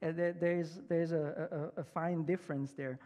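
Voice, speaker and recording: A man's voice: a little high, fairly even intonation, normal speed, warm tone. Male pastor, sermon, conversational, fillers and restarts, reverberant church. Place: church sanctuary.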